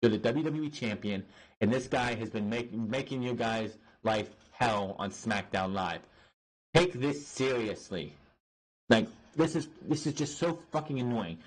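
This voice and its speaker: A man ranting through a wrestling review with a husky, slightly breathy voice. He sounds exasperated and swears freely, tripping over his words and restarting sentences as he goes. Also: mid-range voice, expressive, unhurried, poor audio. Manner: exasperated, profane, rambling with restarts. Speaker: podcast host reviewing wrestling.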